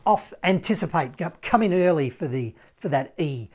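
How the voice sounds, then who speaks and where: A man's voice: a little high, lively intonation, normal speed, darkish tone. Upbeat male sax teacher, playful, scats the notes. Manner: upbeat, playful, sings note sounds. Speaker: saxophone teacher. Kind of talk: casual video lesson.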